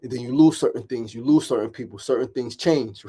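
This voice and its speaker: A man's voice: medium pitch, fairly quick, mellow, breathy edge. Middle-aged new guy giving a pep talk, keeps saying right, swears a bit. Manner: emphatic and repetitive, with frequent "right?" and mild swearing. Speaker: podcast host. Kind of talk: motivational daily talk.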